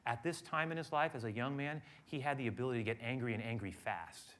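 A man preaching a sermon, moving between quiet storytelling and loud, emphatic passages. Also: mid-range voice, quick pace, slight background noise. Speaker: pastor.

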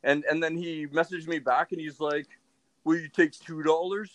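A man's voice: fairly high pitch, fairly even intonation, normal speed, a bit bright. A man telling a story in a casual chat, acting out both sides of it in disbelief.

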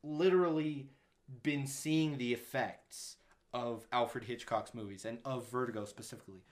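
A man's voice: medium pitch, steady tone, normal speed. Rambling young man reviewing a film. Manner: rambling, full of "like" and quoted reactions. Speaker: co-host. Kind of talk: casual movie review chat.

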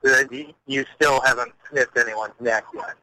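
A man calling in to a show, a truck driver talking in a laid-back, dry-humored way with halting fillers. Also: medium pitch, steady tone, bright, forceful tone, a little hiss or hum, poor audio. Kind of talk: casual phone-in chat.

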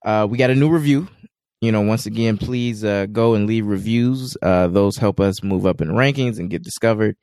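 Chill low-voiced guy cohosting a podcast, lots of ums and uhs, dry close mic. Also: normal speed, darkish tone, dry recording. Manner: laid-back, many fillers. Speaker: podcast co-host. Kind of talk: casual podcast chat.

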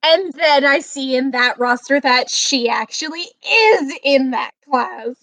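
A young woman in college telling a story over a video call, animated and breaking into loud exclamations. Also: high voice, a little slow, no room sound. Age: young adult. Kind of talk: casual chat.

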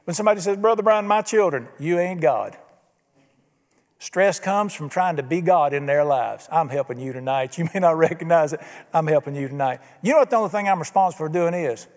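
A long church-hall reverb surrounds this pastor's sermon. He preaches from the pulpit at a brisk clip, his slightly mellow voice sitting high for a man, and keeps things folksy with rhetorical questions.

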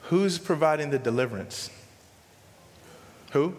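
A male pastor preaching a sermon in an animated way, swinging from loud excitement to hushed emphasis. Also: sits high, moderate pace, in a large hall.

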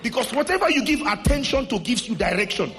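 A male pastor with a Nigerian accent, preaching a sermon to a congregation and leading shouted declarations. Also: extremely high pitch, big pitch swings, quick pace, music in the background. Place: church hall with congregation.

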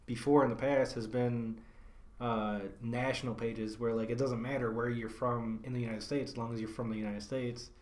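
A young man hosts a podcast, chatting casually in loose, slangy speech packed with swearing and filler words. His voice sits at a medium pitch with little movement, moves at a moderate pace, and sounds a little mellow. The recording comes from an echoey room.

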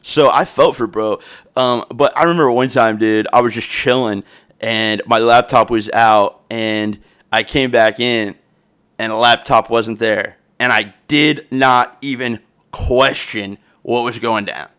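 A man's voice: medium pitch, fairly even intonation, unhurried, fairly bright tone, smooth. A young adult man hosting a podcast, talking in a rambling, profane, slang-heavy casual rant, recorded on a phone. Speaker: podcast host.

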